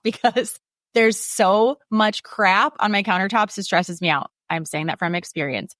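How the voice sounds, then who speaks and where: A woman's voice: mid-range voice, normal speed, fairly bright tone, no echo, studio quality. A woman in her forties hosting a podcast, talking in a candid, casual motivational way, swearing freely and laughing often. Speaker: podcast host.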